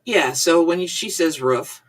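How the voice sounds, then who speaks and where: A woman's voice: low-pitched, lively intonation, normal speed, a bit bright. A woman with a Midwestern American accent, co-hosting a casual chat, teasing and reading out comments. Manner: chatty, teasing, reads viewer comments aloud. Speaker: co-host. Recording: voice a bit far from the mic.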